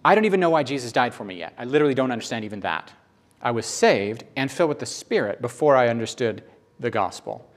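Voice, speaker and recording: A man's voice: animated, fast talker. Emotional conversational male preacher. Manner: conversational, emotional storytelling with sudden rises in pitch. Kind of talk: sermon.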